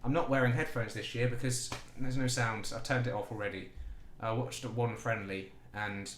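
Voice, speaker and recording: A man's voice: medium pitch, fairly even intonation, moderate pace, fairly bright tone, reverberant, a little hiss or hum. A man casually commenting while he plays a football management game, chatty and swearing freely as he talks back to the game. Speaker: gaming YouTuber.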